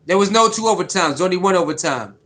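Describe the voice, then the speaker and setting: A man's voice: high voice, lively intonation, quick pace, a bit bright. A man casually chatting on a live stream, greeting viewers by name in slangy, repetitive talk.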